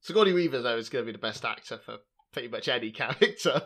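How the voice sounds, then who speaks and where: A man from England chatting on a podcast as host, joking and laughing often with quick asides. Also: medium pitch, animated, fairly bright tone, faint music behind. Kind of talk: casual chat.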